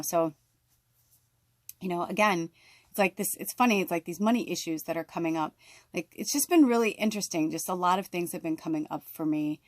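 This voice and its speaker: A woman's voice: fairly low pitch, no room sound. Woman spiritual vlogger, casual unfiltered rant full of "like" and "you know", dry mic. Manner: rambling, heavy fillers, frequent swearing. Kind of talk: casual venting to camera.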